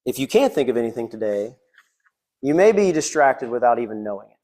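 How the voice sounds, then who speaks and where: A man's voice: mid-range voice, sing-song, fairly quick, a little mellow. A man preaching a sermon in a church, earnest and reading scripture aloud. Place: church sanctuary.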